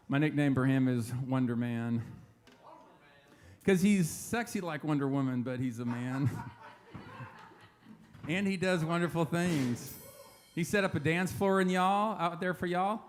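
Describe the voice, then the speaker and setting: A man's voice: a little high, measured pace, long pauses. Joking man emceeing over guitar. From Lawton, Oklahoma. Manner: joking, playful, chatty, coaxing the crowd. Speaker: emcee at a memorial service. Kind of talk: live stage banter to an audience. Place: church hall, live event. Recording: live guitar music underneath.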